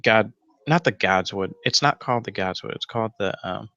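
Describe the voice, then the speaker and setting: Rambling low-voiced man, bright tone. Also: a little fast, dry recording, highs cut off. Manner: rambling, casual, swears, many fillers. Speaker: YouTube show host. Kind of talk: casual fan theory talk. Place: home room with a roommate nearby.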